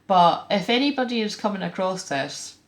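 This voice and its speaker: A woman's voice: medium pitch, animated, normal speed. A Scottish woman hosting a spiritual reading vlog, talking frankly and chattily with plenty of fillers and asides. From Scotland. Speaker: tarot reader and spiritual channeler. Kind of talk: casual spiritual vlog talk.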